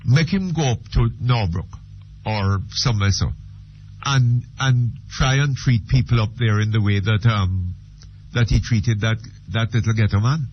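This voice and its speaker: An older man hosting a radio talk discussion, speaking slowly and emphatically with repeated words. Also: fairly low pitch, slight background noise. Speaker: radio talk show host. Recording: dull lo-fi radio archive.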